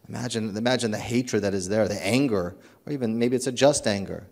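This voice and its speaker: A man's voice: mid-range voice, fairly quick. A man, a priest, preaching a sermon in an earnest, storytelling way, with frequent restarts and repeated words. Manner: earnest, animated storytelling with acted quotes.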